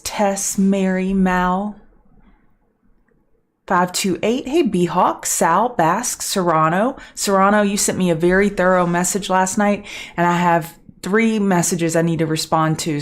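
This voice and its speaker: Chatty woman greeting viewers. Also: medium pitch. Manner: kept softer to avoid being loud. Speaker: trading show host. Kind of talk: live-stream market chat.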